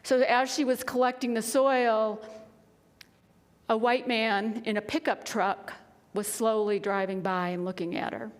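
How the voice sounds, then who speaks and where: A woman minister tells a story in earnest sermon style, sometimes falling to a hush. Her voice rings out with a long reverb, as in a church hall. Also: a little high, steady tone, unhurried. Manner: earnest storytelling with soft, hushed passages. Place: spiritual center sanctuary.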